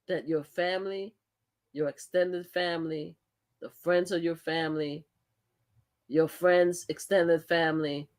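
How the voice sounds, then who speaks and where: An older woman hosting a livestream and reacting to clips. She speaks emphatically, repeats her points and exclaims loudly at what she sees. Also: low-pitched. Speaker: livestream host.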